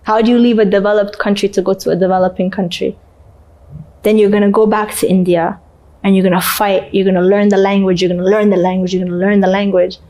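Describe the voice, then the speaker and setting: A young woman from Canada, an interview guest, telling an emotional story with animated acted-out voices and laughter. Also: mid-range voice, quick pace.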